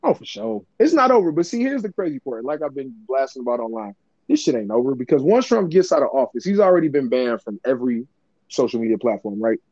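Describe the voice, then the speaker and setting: A man co-hosting a casual podcast, laughing often and swearing freely with a sarcastic, lively delivery. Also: mid-range voice, fast, no room sound, highs cut off. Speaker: podcast co-host.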